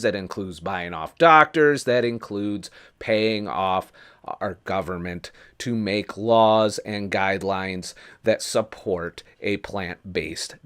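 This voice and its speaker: A man's voice: lowish voice, fairly bright tone, clean tone. A man ranting on his vlog, swearing heavily, heated and sarcastic, talking into a camera mic. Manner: profane, heated ranting with mocking mimicry. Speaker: vlogger.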